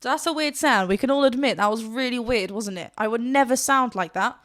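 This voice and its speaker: A woman vocal coach explaining singing technique in a reaction video, breaking off to demonstrate with loud sung yelps. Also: fairly high pitch, fairly quick.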